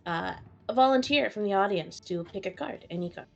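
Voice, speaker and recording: A woman's voice: mid-range voice, lively intonation, normal speed, gravelly, a little mellow, lo-fi sound. A woman player describes her character's moves in a tabletop game. She talks casually and hesitantly, swearing freely. Faint music plays underneath.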